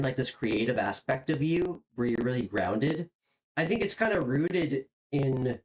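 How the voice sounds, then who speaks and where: In a rough recording, a tarot reader with a medium-pitched voice hosts a live stream and gives a casual, encouraging reading, leaning on "um," "like," and repeated words while searching for the next thing to say.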